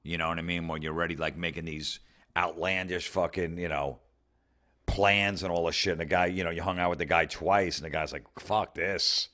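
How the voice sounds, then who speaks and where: A man with a low voice rants in a profane, mocking comedy bit. He is sarcastic and blunt, sometimes picking up speed as he piles on the ridicule. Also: level tone, brisk, pushed and bright. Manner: sarcastic, mocking, swears heavily, mimics people in put-on voices. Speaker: comedy podcast host. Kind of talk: profane ranting comedy commentary.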